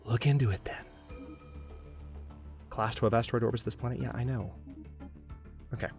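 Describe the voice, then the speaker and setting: A man's voice: medium pitch, steady tone, moderate pace, darkish tone, faint music behind. A man hosting a gameplay video, commenting as he plays and growing exasperated, talking to himself. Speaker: let's play host.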